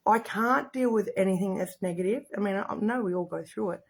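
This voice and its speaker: A woman's voice: mid-range voice, a little fast, creaky, breathy edge. A middle-aged woman, chatting in a rambling, effusive way while hosting a casual makeup livestream to the camera.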